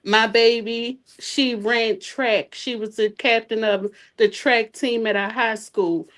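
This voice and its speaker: A middle-aged woman guest telling her family story in a heartfelt, animated way. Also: on the high side, slow. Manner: animated, heartfelt, acts out dialogue. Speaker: interview guest. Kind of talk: emotional personal storytelling.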